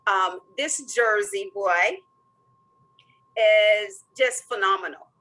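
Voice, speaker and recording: Bright, energetic woman moderator. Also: medium pitch, slow pace, low-quality recording. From American South. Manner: energetic, enthusiastic. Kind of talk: webinar moderating, introducing a guest.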